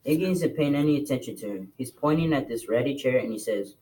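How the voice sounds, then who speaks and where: A man reading a novel aloud to a class in a plain, steady storytelling voice. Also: mid-range voice, quick pace, low-quality recording. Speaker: reader.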